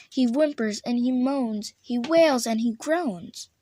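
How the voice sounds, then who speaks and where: A woman reading a children's storybook aloud, slow and expressive, drawing out the refrains. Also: a little high, dry recording.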